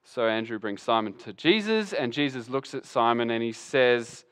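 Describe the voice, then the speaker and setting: Lively pastor preaching. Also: male voice, mid-range voice, normal speed, hardly any pauses, clear, resonant tone. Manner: animated storyteller, acts out the voices of Bible figures. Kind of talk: sermon.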